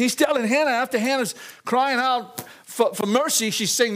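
A high-pitched older man with a drawl is preaching a sermon. His manner is folksy and chuckling, and he keeps calling out to the congregation as he tells the story. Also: normal speed, a bit bright.

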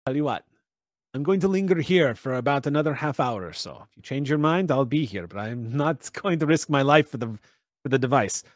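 A man's voice: medium pitch, lively intonation, brisk, no echo, clean studio sound, close to an everyday voice. A man voicing a shady male opportunist who keeps pushing a bargain in a persuasive, wheedling way. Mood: scheming.

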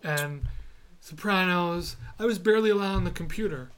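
A young man co-hosting a podcast in casual chat, telling stories and getting animated when he quotes himself. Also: high voice, normal speed, clear, resonant tone. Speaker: podcast co-host.

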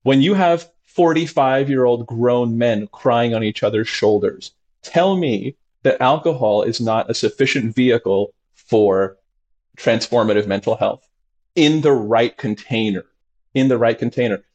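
A man, a doctor as interview guest, talking expressively and acting out his patients' voices with big jumps in pitch. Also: a little slow, darkish tone, dull audio. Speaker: integrative medicine doctor, guest. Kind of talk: animated conversational interview.

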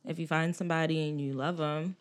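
A woman's voice: sits low, steady tone, fast. A woman co-hosting a casual podcast, talking earnestly about relationships in an easygoing way. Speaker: podcast co-host.

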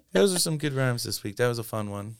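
A man co-hosting a casual podcast chat, animated and quick to laugh, retelling scenes and breaking into freestyle rap. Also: medium pitch, clear, resonant tone, dry recording, studio quality. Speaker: podcast co-host.

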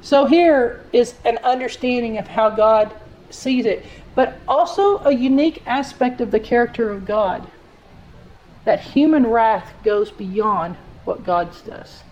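A woman's voice: a little high, measured pace, a little mellow, lo-fi sound, a little hiss or hum. A woman giving a sermon, reading scripture aloud and explaining it in an earnest, direct, conversational way. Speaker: Bible teacher.

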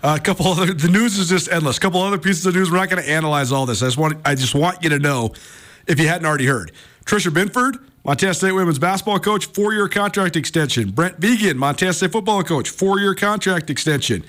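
An American man hosting sports talk radio, his voice sitting high for a man. He rambles in a loose, chatty way, full of fillers and self-corrections. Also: quick pace, a bit bright.

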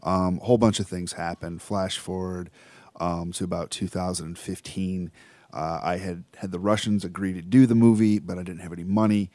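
Male filmmaker guest, deep and soft-spoken, halting delivery, dry mic. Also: fairly even intonation, dry recording. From Michigan. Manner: soft-spoken, hesitant with fillers. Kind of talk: podcast interview guest.

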